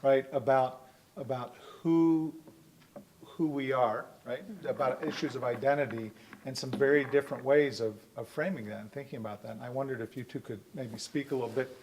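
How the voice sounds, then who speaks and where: A man of middle pitch moderates a panel discussion. He searches for his words, repeating himself as he frames a question for the speakers. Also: normal speed, a little mellow, a little hiss or hum. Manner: hesitant, with restarts and repeated words.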